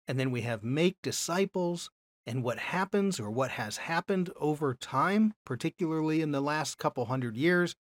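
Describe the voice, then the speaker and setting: A man's voice: a little high, dry recording. A man giving a Bible lesson as a teacher, explaining step by step and often checking in with "okay?". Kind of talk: classroom lecture.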